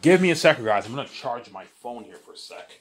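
A man telling a rambling imagined story in casual monologue, repeating filler phrases and swinging into loud excited bursts. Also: mid-range voice, fast, a little hiss or hum. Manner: rambling, repeats "he's like" and "you know what I'm saying".

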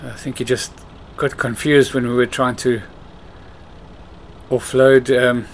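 A man at an ordinary mid pitch talks through his farming game in a loose, conversational way. He mutters to himself and tells off the game's clumsy drivers. A machine engine hums softly behind his voice. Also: little pitch movement, slow, a little hiss or hum. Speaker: let's play host. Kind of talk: casual gameplay commentary.

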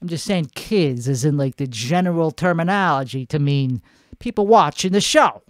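A man's voice: a little high, expressive, normal speed, dry recording, studio quality. A man hosting a comedy show, putting on an Italian-American accent, with a profane, rambling, self-mocking monologue recorded at home at night. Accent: put-on Italian-American.

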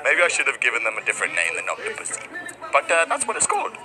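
A gaming video creator giving excitable, joking gameplay commentary, swearing and jumping between voices. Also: mid-range voice, very fast. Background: game music.

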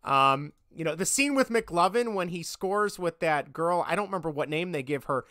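A man co-hosting a podcast in casual chat, retelling movie scenes in a rambling, animated way and thinking aloud as he looks things up. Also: on the high side, moderate pace, no room sound, studio quality. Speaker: podcast co-host.

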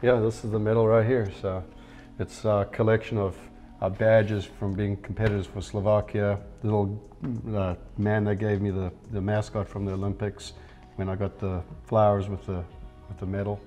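A man's voice: fairly low pitch, level tone, moderate pace, warm tone, soft background music. A middle-aged man, a golf pro, telling casual self-deprecating anecdotes in an interview.

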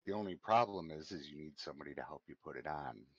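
A man's voice: rumbling low, animated, fast, fairly bright tone, husky, no room sound, dull audio. A man chatting on a live stream, joking and teasing in casual banter.

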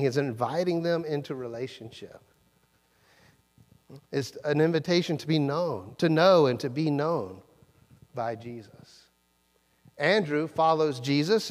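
A man preaches a sermon in a church, his fairly high voice trailing off in a long reverb. He talks in a conversational way and acts out the lines he quotes with sudden leaps in pitch. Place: church sanctuary.

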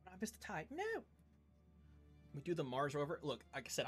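A man's voice: a little high, expressive, a little fast, slightly rough, faint music behind. A man in his twenties from the Southern United States, chatting casually with his live-stream audience in a playful, mock-indignant way and tripping over his words for comic effect. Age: 20s. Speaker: game streamer.

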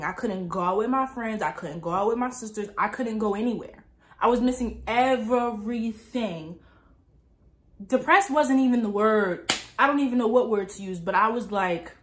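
A young woman vlogger telling a personal story in a casual, animated way, full of asides. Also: mid-range voice. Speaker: lifestyle vlogger.

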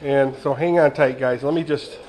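A man's voice: medium pitch, steady tone, normal speed, a little mellow, low-quality recording. A retired man in his sixties chatting casually and rambling to viewers while he cooks in his home kitchen. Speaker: vlogger. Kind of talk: casual home cooking vlog.

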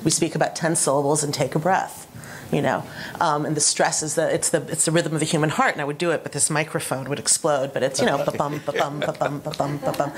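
A woman's voice: low-pitched, steady tone, quick pace. A woman speaking as a panelist at a roundtable discussion, talking animatedly and eager to jump in.

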